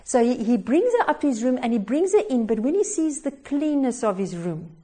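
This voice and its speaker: A woman's voice: fairly high pitch, big pitch swings, fairly quick, dark tone, husky. A woman preaching a devotional sermon, telling a story expressively with little chuckles and hesitations.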